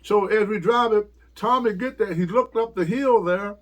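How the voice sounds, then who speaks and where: Speaking at a moderate pace in a high-pitched voice, an older man who used to wrestle trades rambling anecdotes in an interview. He laughs often and acts out the quotes in his stories.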